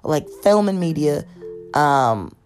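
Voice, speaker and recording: A woman's voice: deep voice, expressive, slow, a little mellow, soft background music. A woman from the United States hosting a podcast, rambling casually through a TV review with many fillers and self-corrections. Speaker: podcast host.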